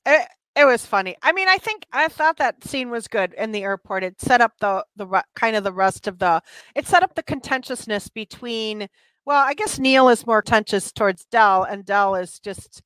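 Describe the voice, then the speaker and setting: A woman's voice: on the high side, expressive, moderate pace, fairly bright tone, clean tone, no echo. A woman co-hosting a casual movie review chat, talking freely and laughing often. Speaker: podcast co-host.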